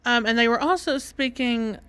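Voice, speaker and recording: Southern lady cohosting a podcast, chatty, kinda high voice. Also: normal speed, a bit bright, clean tone. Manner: chatty, laughs often. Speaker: podcast co-host. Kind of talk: casual chat.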